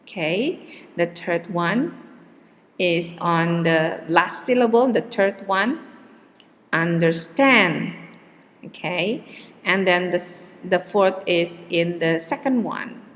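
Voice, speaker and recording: A woman's voice: on the low side, slow. A woman teaching an English pronunciation lesson, speaking patiently, checking in with "okay" and repeating words with exaggerated stress. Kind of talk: recorded pronunciation lecture. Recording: long hall reverb.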